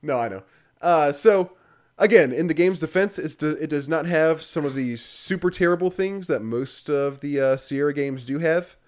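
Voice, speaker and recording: A man's voice: on the high side, normal speed, a little mellow. A man in casual conversation, rambling through a critical game review with lots of fillers and the odd laugh. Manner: rambling, heavy use of fillers, frequent laughs; dry, critical.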